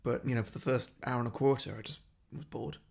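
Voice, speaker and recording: A man co-hosts a podcast about films in a laid-back, blunt way. He speaks quickly in a mid-range voice. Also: mid-range voice, fairly even intonation, gravelly, a little mellow. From Wales. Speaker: podcast co-host. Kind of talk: casual film review chat.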